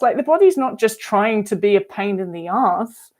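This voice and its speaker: A woman's voice: mid-range voice, animated, moderate pace, a little mellow. A woman, giving frank, emphatic advice as a recovery coach in a casual vlog and swearing freely. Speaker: eating disorder recovery coach.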